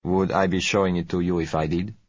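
A man reading as a suave, soft-spoken businessman. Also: low voice, level tone, no room sound. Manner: gentle, unhurried and courteous. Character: smooth, polite South American businessman. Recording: dull lo-fi recording.

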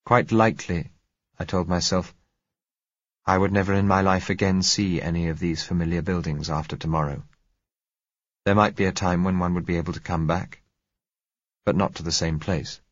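A man narrating a novel in first person, in a measured, reflective way. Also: sits low, fairly even intonation, no room sound, muffled recording. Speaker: audiobook narrator.

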